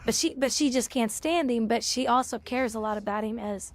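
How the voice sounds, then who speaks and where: A woman's voice: fairly high pitch, a little fast. A woman streaming live, chatting casually about a show she is watching, with chatty stumbling restarts.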